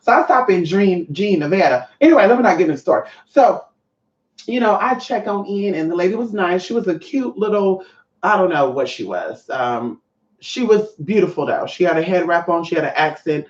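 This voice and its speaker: Animated storyteller cussing a lot, echoey room, kinda muffled sound. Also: medium pitch, brisk. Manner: animated, swears often, acts out other voices. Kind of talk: casual storytelling to viewers.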